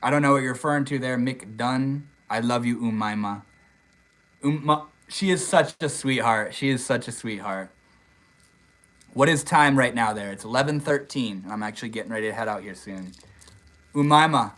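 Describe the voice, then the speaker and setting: A man's voice: mid-range voice, moderate pace, a bit bright, low-quality recording. Laid-back young man on a live stream. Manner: laid-back, swears casually, says dude and bro a lot. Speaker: livestream host. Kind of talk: casual livestream chat reading comments. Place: outdoors in the desert.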